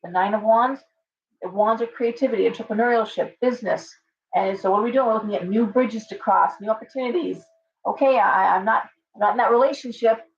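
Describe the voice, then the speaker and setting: A woman's voice: medium pitch, brisk, distant mic. Chatty woman reading tarot live. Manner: chatty, rambling, frequent fillers and restarts. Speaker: tarot reader. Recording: muffled audio from away from the mic.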